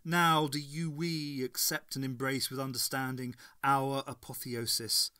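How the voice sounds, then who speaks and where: A man's voice: medium pitch, flat delivery, a little slow, sharp tone, no room sound, studio quality. A man voicing a solemn godlike entity. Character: vast godlike collective entity, calm and grand.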